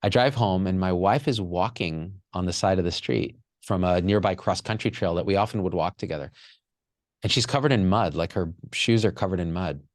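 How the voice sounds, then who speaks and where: A man's voice: sits low, brisk, dry recording, clean studio sound. A man telling a raw personal story with candid emotion, swearing freely as a podcast guest.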